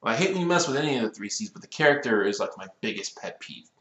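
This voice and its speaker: A man in his twenties reviewing a cartoon episode in a casual rant, complaining in an exasperated, animated way that builds into outbursts. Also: mid-range voice, quick pace, echoey room, dull audio. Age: 20s.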